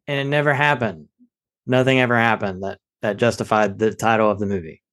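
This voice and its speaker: A man's voice: lowish voice, fairly even intonation, fairly quick, a bit bright. Joking, rambling man co-hosting a podcast. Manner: joking, rambling, self-deprecating. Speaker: podcast co-host. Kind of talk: casual movie review chat.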